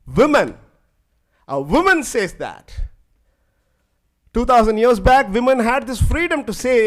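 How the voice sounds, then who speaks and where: A man giving a conference lecture, telling stories in an animated way and often saying "like". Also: very high voice, a little slow, pauses often. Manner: animated, fills speech with "like".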